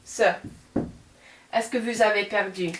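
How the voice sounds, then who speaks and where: A woman explains grammar in a relaxed classroom manner, saying y'all and pausing often on fillers. She is heard from some distance in an echoey room. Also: mid-range voice, slight background noise. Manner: casual and chatty, says y'all, many ums and self-corrections. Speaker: French teacher. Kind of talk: classroom grammar lesson at a board.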